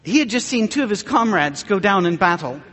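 A man delivers a sermon full of wry anecdotes, mocking himself with a dry wit. His voice sits high for a man, and it rings out with a long reverb, as if through a large church hall. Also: lively intonation, fairly quick, a bit bright, some chatter behind. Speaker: preacher. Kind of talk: humorous sermon with storytelling.

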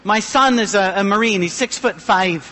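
A middle-aged man pastor giving a humorous, self-deprecating sermon with a thin, high voice. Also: normal speed, bright, forceful tone, in a large hall, slight background noise.

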